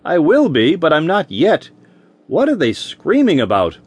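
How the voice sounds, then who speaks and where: A man's voice: fairly high pitch, wildly swooping pitch, a little slow, darkish tone, slightly rough, no echo, voice pushed up, heavily acted. A man voicing a hungover male federal agent who talks in a weary, groggy, wry way in an audiobook. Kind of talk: audiobook character voice.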